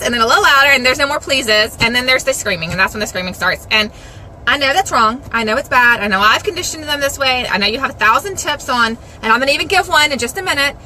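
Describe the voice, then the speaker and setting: A middle-aged woman, talking casually and devotionally to the camera in a chatty, self-deprecating way with lively asides. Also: a little high, a little hiss or hum, poor audio. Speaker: Christian vlogger.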